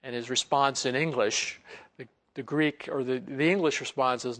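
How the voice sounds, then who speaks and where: A man preaching a Bible lesson in a relaxed, conversational way, acting out quoted lines and chuckling as he goes. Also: medium pitch, moderate pace. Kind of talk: sermon.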